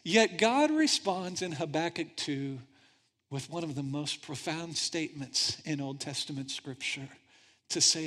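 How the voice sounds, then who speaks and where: Brief: male pastor, high-pitched, lively sermon storytelling in a long-reverb hall. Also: unhurried. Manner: animated storytelling, swinging from hushed to loud.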